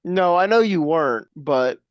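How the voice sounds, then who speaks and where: A comedy podcast co-host chatting in a deadpan, rambling way full of tangents. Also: mid-range voice, a little slow, no room sound, highs cut off. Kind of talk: casual comedic chat.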